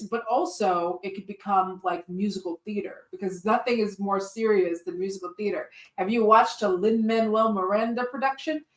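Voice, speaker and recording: A woman playing a comic party game, pitching her case in an animated, playful way. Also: roomy sound, far from the mic, rough recording. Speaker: player. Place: hotel room.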